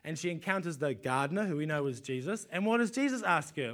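A man's voice: on the high side, animated, fast, few pauses, a bit bright. A man preaching a sermon in a conversational way, often repeating words as he restarts and asking the congregation rhetorical questions.

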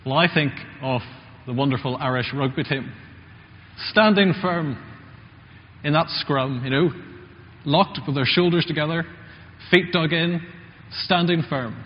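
A man's voice: fairly high pitch, measured pace, pauses often. Guy giving a sermon, chatty, asks the room questions, long church echo, bit of hiss. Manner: conversational, asks the congregation questions. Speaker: preacher. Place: church hall. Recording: muffled church recording with long reverb.

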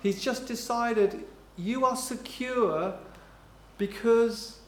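High-voiced emphatic male preacher, roomy echo. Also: a little hiss or hum. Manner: emphatic, slowing down on key phrases, dropping low and quiet when quoting. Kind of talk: sermon.

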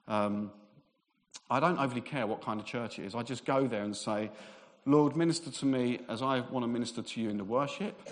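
A man preaching a sermon, fast and excitable, with self-deprecating humor. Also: medium pitch.

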